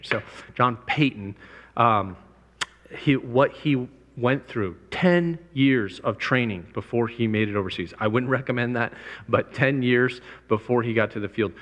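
A man's voice: on the low side, normal speed, a bit bright. A man giving a missions talk to a live audience, emphatic and repeating his key points. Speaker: missions speaker. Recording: long hall reverb.

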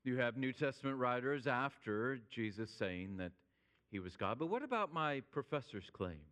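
A man preaching a sermon, speaking emphatically and slowing down when he quotes scripture. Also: mid-range voice, lively intonation, a bit bright, long reverb tail. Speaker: pastor.

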